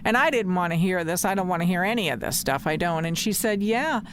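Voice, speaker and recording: A woman's voice: on the low side, fast, a little hiss or hum. A woman hosting a podcast in casual talk, passionate and emphatic, often repeating her points. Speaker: podcast host.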